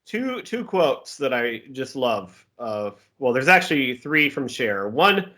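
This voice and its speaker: Bright, lively man co-hosting. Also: mid-range voice, slow. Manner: animated, laughs often. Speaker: podcast co-host. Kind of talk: casual chat.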